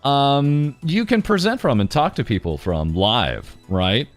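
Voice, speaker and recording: Man interviewing with an expressive voice. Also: medium pitch, a little slow, faint music behind. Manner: friendly questioning with hesitant fillers. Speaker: interviewer host. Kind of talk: casual interview.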